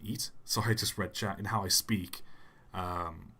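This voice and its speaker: A soft-spoken young man answering chat questions on a casual livestream, rambling and self-deprecating. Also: deep voice, steady tone, unhurried, slightly rough. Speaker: YouTube channel host. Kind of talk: casual livestream Q&A while gaming.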